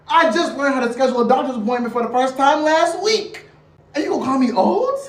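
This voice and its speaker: A young woman in her twenties sounds off in a dramatic, animated rant, tossing loud rhetorical questions and slang. She sits a little back from the mic, and the room adds a noticeable echo. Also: high voice, fast. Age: 20s. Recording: roomy, a bit far from the mic.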